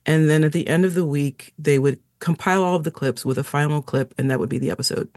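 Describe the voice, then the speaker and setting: An author and musician, appearing as an interview guest, tells stories in an animated, chatty way and laughs often. She has a low voice and a quick pace, recorded at studio quality with no echo.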